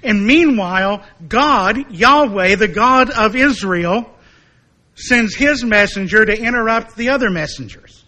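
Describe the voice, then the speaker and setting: A man preaching a sermon in a high, bright, forceful voice. He is emphatic and slows down to repeat his main points. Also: lively intonation, poor audio.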